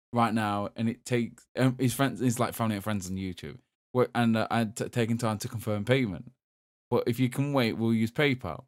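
A man from England chats on a gaming podcast. His voice sits in the middle of the range and the sound is dry and close. He tells stories in an animated way and laughs as he talks. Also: medium pitch, dry recording. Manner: animated storytelling, quoting others, laughing. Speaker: podcast host. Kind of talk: casual chat.

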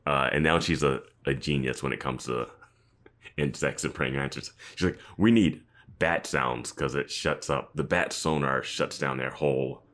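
A man's voice: a bass voice, fairly even intonation, moderate pace, fairly bright tone. A man co-hosting a casual podcast, picking apart a TV episode with wry remarks and frequent chuckles. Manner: wry, analytical, chuckles often. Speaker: podcast co-host. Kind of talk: casual chat recapping a TV episode.

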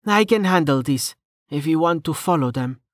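A man voicing a brisk woman healer who speaks in a matter-of-fact way. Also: on the high side, lively intonation, fairly bright tone, no echo, studio quality, voice pushed up.

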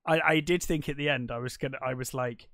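A man's voice: medium pitch, dry recording, clean studio sound. A British man co-hosting a movie review podcast, chatting casually and agreeing readily. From Britain. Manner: animated, chatty, quick to agree. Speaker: podcast co-host.

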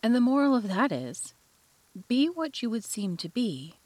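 Lady putting on a long-winded preachy duchess, higher and louder than her narration. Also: sing-song, normal speed, dry recording. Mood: moralizing. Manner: long-winded, fussy, sententious. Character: rambling moralizing older noblewoman, the Duchess.

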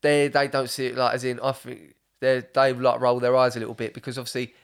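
A young man chats loosely on a podcast. His voice sits at an ordinary middle pitch. He rambles, swears freely and laughs through his stories. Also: little pitch movement, a little fast, vocal fry, clear, resonant tone. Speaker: podcast host. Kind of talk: casual chat.

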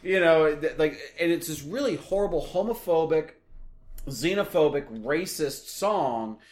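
A man's voice: a little high, animated, a little slow. A man co-hosting a podcast, chatting casually with blunt, profane opinions. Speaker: podcast co-host. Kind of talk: casual chat.

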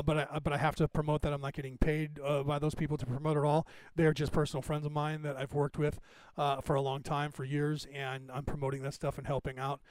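A man's voice: on the high side, clean tone, dry recording. A man in his fifties hosting a podcast, rambling casually through anecdotes and laughing often. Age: 50s. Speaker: podcast host.

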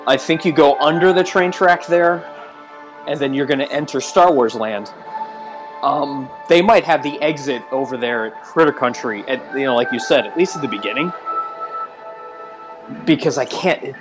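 A man's voice: medium pitch, normal speed, music in the background. A man co-hosting a casual chat over a call, talkative and teasing. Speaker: podcast co-host.

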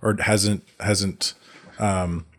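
Animated man with a low voice. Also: slow. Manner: animated, restarts often, acts out quotes. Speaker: podcast co-host. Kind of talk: casual chat.

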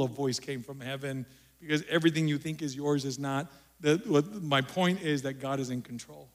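A male pastor preaching a sermon, repeating phrases and moving between loud emphasis and quiet. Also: fairly high pitch.

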